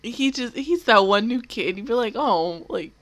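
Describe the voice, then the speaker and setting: A young woman giving casual, excitable reaction commentary, swearing freely and laughing often. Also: fairly high pitch, normal speed. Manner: excitable, profane, laughs often, loud exclamations. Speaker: anime reaction video host.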